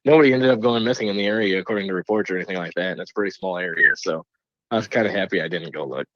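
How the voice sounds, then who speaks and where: A man with a low voice tells paranormal stories in relaxed podcast chat, animated and laughing often. The sound is dry and close, a little dull in tone. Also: rapid-fire, dry recording. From Black Hills area, USA. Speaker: podcast guest, paranormal video maker. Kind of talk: casual chat.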